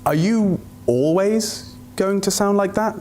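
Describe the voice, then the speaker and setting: A man's voice: high-pitched, slow pace, darkish tone, a little hiss or hum. A male host of an esports show, flustered and hesitant during a comedy bit. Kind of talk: comedy sketch hosting.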